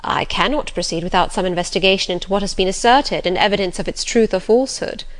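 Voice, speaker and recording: A woman voicing an elderly male village clergyman who speaks gently and pleadingly. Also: mid-range voice, fast talker, lightly acted. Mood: grave. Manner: gentle, pleading, rising to alarm.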